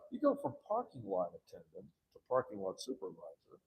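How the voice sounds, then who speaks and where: A man's voice: sits low, huge pitch swings, fairly quick, creaky, few pauses, husky. A man in casual talk, ranting and telling a story with lots of swearing, acting out what others would say. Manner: profane, storytelling, acts out quoted voices. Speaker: citizen activist. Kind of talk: casual animated rant.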